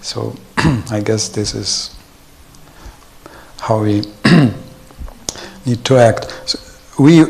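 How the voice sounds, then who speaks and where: Chuckling man giving a devotional talk. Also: mid-range voice. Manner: chuckles often, anecdotal and conversational. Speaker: temple speaker. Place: temple hall.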